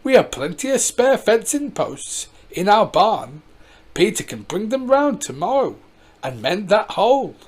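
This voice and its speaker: A storybook reader voicing a calm, helpful farmer's wife. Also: medium pitch, a little slow, husky. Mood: reassuring.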